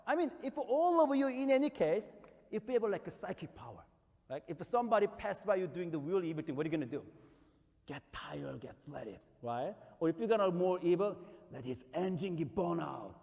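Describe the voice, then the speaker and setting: A man with a Korean accent preaches in a loose, conversational manner, telling stories and rising into emphatic peaks. His voice sits a little high for a man. The sound carries a long reverb, as in a large church hall. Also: expressive, brisk, vocal fry, darkish tone. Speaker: pastor. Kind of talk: sermon.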